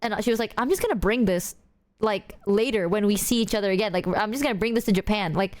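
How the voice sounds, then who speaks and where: A woman streamer reacting to clips in casual stream chat, swearing freely while she tells an animated anecdote. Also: mid-range voice, fast talker.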